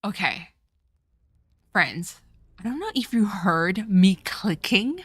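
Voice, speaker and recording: A woman's voice: mid-range voice, very animated, takes it slowly, a bit bright, husky, no room sound, studio quality. A woman streaming a game, talking to her chat and getting exasperated at the game. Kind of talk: let's play commentary.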